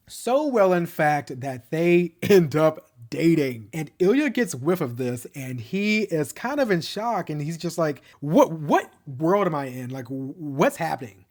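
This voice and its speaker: A man's voice: a little high, a little mellow. A man giving a casual, rambling recap of a TV show, full of "like" fillers and fond enthusiasm. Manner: chatty and rambling, many "like" fillers and restarts. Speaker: TV show reviewer.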